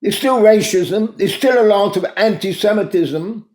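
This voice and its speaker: A man's voice: high-pitched, a little slow, a little mellow. A man hosting a daily talk, telling a moral story in an earnest, emphatic way. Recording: roomy echo.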